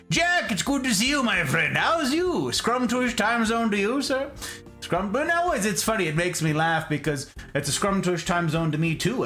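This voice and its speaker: Hosting a relaxed livestream, a man calls out viewers by name with playful, sing-song theatricality. His voice is a touch high and fairly bright.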